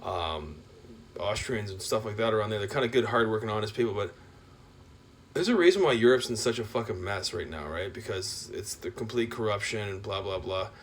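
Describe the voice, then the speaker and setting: A man talking in a rambling, profane monologue rant. He is full of filler words and swings between loud outbursts and low mutters. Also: lively intonation, a little fast, a little hiss or hum. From Canada.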